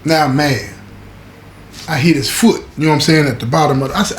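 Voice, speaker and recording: Male storyteller, fairly high voice, animated and slangy, keeps asking if you follow him; roomy echo. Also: fast. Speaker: show host recounting prison stories. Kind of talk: casual storytelling to viewers. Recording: echoey room with faint background noise.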